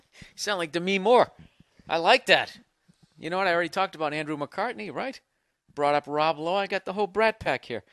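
A man hosting a low-budget podcast, reading listener letters aloud with rambling, profane, wry asides. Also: moderate pace, pauses often, pushed and bright, no room sound. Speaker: podcast host. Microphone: single podcast microphone. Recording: dry close-miked sound.

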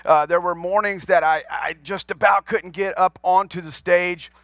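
A man's voice: high voice, steady tone, normal speed, fairly bright tone, no echo. A man in his forties, a pastor, preaching a sermon to his congregation in a folksy storytelling way, asking them questions as he goes. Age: 40s. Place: church sanctuary.

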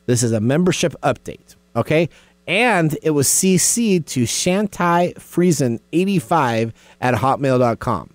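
A man hosting a casual radio tech talk show, chatty and quick to laugh as he reads emails aloud. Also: a little high, expressive, no echo.

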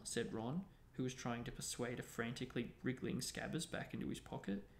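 A man hosting a book discussion, narrating a novel aloud in a steady reading voice. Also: mid-range voice, brisk, gravelly. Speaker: host and book reader. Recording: echoey room, faint noise.

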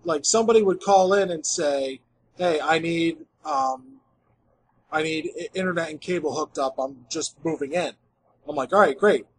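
A man co-hosting a podcast, chatting casually with some swearing, his voice often trailing off quietly. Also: fairly high pitch, normal speed, a little hiss or hum, poor audio. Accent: American. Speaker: podcast co-host. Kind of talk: casual chat.

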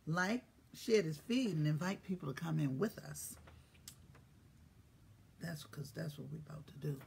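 Live-stream host, husky tone, mid-pitched, cussing banter, loud hellos mixed with murmured asides. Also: expressive, measured pace, long pauses. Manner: swings from quiet asides to loud shouted greetings; profane, joking banter. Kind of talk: casual live-stream chat.

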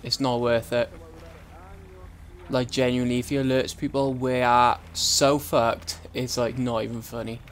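A man's voice: mid-range voice, little pitch movement, unhurried, slight background noise. A young man hosting a let's-play, chatting casually and swearing freely as he plays. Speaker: gaming channel host.

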